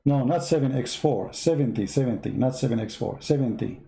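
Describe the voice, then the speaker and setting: A native Arabic speaker, a male host with an Arabic accent, offers sarcastic religious commentary in broken English. His voice is medium-pitched, creaky and fairly quick, with a noisy background. He speaks sarcastically, with broken grammar and repetitive counting.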